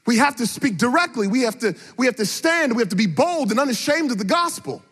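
A middle-aged male preacher with a fairly high, slightly husky voice delivers a sermon. He swings from hushed storytelling to fervent, almost sung exhortation and hammers his key phrases by repeating them. The sound carries a long hall reverb. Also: animated, brisk.

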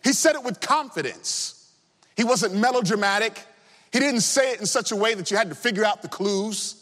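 A man preaching a sermon as pastor, impassioned, dropping his voice low for emphasis and rising again. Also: lively intonation, moderate pace, fairly bright tone, big-room sound.

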